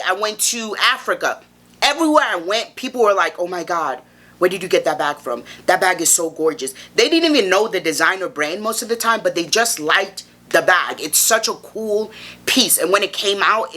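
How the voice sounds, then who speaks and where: A woman's voice: mid-range voice, pushed and bright. A woman fashion vlogger giving a casual review to camera, sassy and playful, calling the viewer baby.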